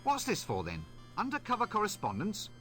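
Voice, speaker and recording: A man's voice: sits high, wildly swooping pitch, a little fast, fairly bright tone, faint music behind, exaggerated voice. An actor playing a wry, cowardly male wizard hero in a video game, muttering sly asides to himself.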